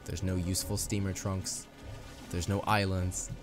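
Young male let's-play host, chatty and upbeat, low voice, game music underneath. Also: little pitch movement, unhurried. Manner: chatty, upbeat, playful asides. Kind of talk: casual gameplay commentary.

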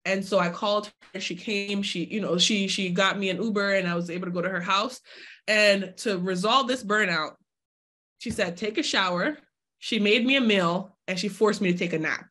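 A woman's voice: medium pitch, moderate pace. Woman in her 20s doing a live online workshop, chatty, mid-range voice, asks folks to drop comments in the chat. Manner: lively, acts out her own inner voice in quotes; addresses viewers directly, asks for chat replies. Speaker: summit speaker.

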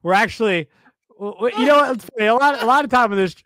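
A man co-hosting a baseball podcast in a casual, animated chat, rambling and often repeating himself. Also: very high voice, fast talker. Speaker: podcast co-host.

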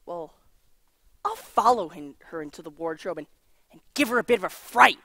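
A woman's voice: on the low side, expressive, normal speed. A woman voicing a sulky boy who stammers when frightened. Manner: stammering, whiny. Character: sulky boy, nervous before the queen. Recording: music bed behind.

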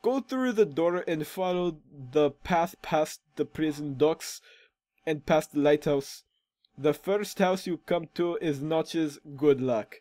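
A man's voice: fairly high pitch, lively intonation, dark tone. A man voicing a frail, weary old male prisoner in a put-on accent, reading game dialogue. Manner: a put-on odd accent, halting delivery. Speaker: gaming commentator voicing a game character.

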